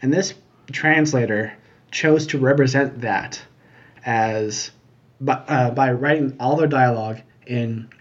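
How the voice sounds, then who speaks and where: A man's voice: medium pitch, takes it slowly. Thoughtful man on a dull recording. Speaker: podcast co-host. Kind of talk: casual chat. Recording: dull lo-fi audio.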